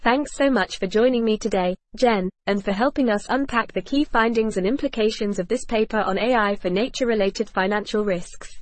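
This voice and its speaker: Woman podcast host, mid-pitched, dry close sound, smooth scripted read. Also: brisk, few pauses, no room sound. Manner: polished, evenly read, reads cue notes aloud.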